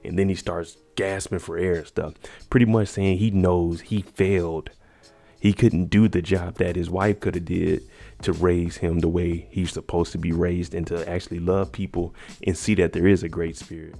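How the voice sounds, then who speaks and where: A man's voice: low-pitched, level tone, normal speed, creaky, mellow. A man casually recapping a TV episode in a conversational way, using slang.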